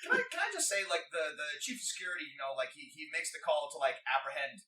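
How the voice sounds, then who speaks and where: Male podcast co-host with wry, punning humor, a bright voice, recorded from a distance in an echoey room. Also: fairly high pitch, very animated, fast talker. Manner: wry, dry jokes and puns. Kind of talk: casual movie-review chat.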